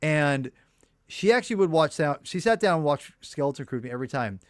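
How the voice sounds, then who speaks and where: A man's voice: on the high side, lively intonation, brisk, no room sound, studio quality. A man in his thirties, co-hosting a casual podcast chat, rambling with frequent restarts. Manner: rambling, lots of restarts and fillers. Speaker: podcast co-host.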